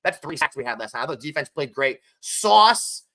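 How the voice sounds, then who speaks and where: Man, podcast co-host, bright forceful voice, animated sports chat. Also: a little high, normal speed, vocal fry. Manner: animated, addresses co-host by name often.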